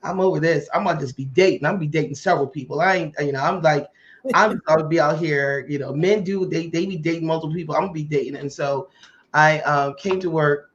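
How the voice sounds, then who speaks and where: Animated woman telling a story, muffled audio. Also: low-pitched, quick pace. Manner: animated, acts out quoted dialogue. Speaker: podcast host. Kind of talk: casual storytelling chat.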